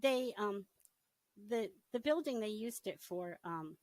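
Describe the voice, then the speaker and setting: A middle-aged woman with a medium-pitched voice gives a personal testimony as an interview guest, speaking slowly, casually and with animation. She laughs often while acting out her past thoughts, on a rough recording with no echo.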